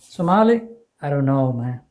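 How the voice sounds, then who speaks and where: A man's voice: medium pitch, very animated, normal speed, a little mellow. A man calling into a casual livestream chat. He is evasive and deflects questions. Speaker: caller.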